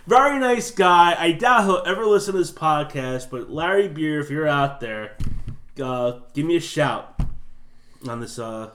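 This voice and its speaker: A man's voice: a little high, expressive, measured pace, a bit bright, a little hiss or hum. A man with a slightly raised voice tells a rambling story on a podcast, laughing now and then. His talk is loose and chatty. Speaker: podcast co-host. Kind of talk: casual storytelling chat.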